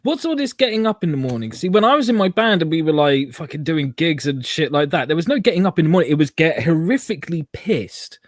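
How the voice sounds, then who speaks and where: A man's voice: on the high side, animated, quick pace, hardly any pauses, no echo, clean studio sound. A man in casual chat, enthusiastic and swearing freely.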